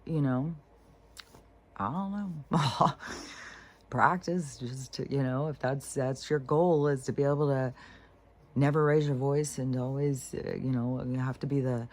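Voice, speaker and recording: A woman in a casual vlog monologue, talking candidly and rambling, with pauses and restarts. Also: very deep voice, a little mellow. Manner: candid, rambling, mocks serene voices in breathy whispers. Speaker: vlogger.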